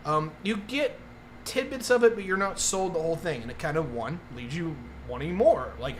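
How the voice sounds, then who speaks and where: A man's voice: on the high side, lively intonation, normal speed, slight background noise. A man rambling through a casual live-stream review, with many fillers and restarts.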